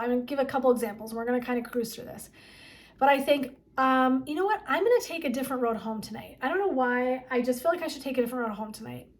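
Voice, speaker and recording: A woman wellness coach and therapist giving a motivational talk, chatty and emphatic, often asking "right?". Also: a little high. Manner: chatty and emphatic, frequent 'like' and 'right?'.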